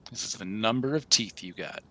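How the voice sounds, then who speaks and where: A man narrating a tabletop game as game master, halting with many fillers. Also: lowish voice, pushed and bright, a little hiss or hum.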